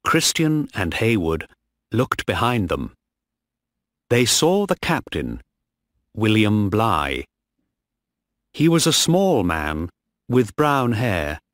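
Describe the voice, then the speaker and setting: A man reading a story slowly and clearly for English learners. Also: on the low side, no room sound, studio quality. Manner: very slow, clearly phrased, lively intonation. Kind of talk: slow scripted narration for English learners.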